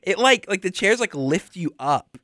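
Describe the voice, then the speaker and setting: A man's voice: high-pitched, big pitch swings, moderate pace, a bit bright, no room sound, clean studio sound. Chatty young man hosting college radio. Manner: rambling, filler-heavy, laughs often. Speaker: college radio podcast host. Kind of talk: casual chat. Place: small radio studio.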